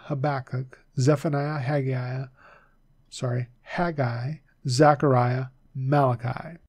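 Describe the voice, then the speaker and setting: A man's voice: fairly high pitch, darkish tone, no echo. Patient man teaching in a dry room. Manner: patient, repeats names slowly to drill them. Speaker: Bible teacher. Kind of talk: instructional video lesson.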